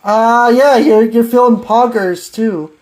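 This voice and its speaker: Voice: mid-range voice, slow pace, a little mellow. A podcast host in their thirties chatting casually, teasing playfully with slang and filler words. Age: 30s. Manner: slangy and playful, with lots of fillers and laughing asides.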